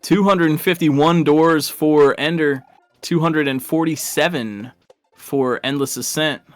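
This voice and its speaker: A rambling, talkative man commentates a live video game race in a relaxed stream style. His voice sits a little high, and he chuckles at his own tangents. The sound is dry and close, with faint music underneath. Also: measured pace, no room sound. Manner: rambling and chatty, laughs at his own stories.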